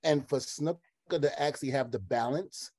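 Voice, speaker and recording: A middle-aged former wrestler telling stories in a casual chat, animated and laughing often, swearing now and then. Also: male voice, mid-range voice, brisk, a crowd in the background. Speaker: former pro wrestler, guest.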